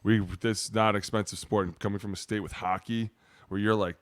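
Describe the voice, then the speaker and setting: A man's voice: on the low side, brisk, no room sound. A man co-hosting a podcast, telling stories in casual chat, swearing freely and acting out both sides of the conversation. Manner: profane, animated storyteller acting out both sides. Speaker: podcast co-host, former pro football player. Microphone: studio microphone.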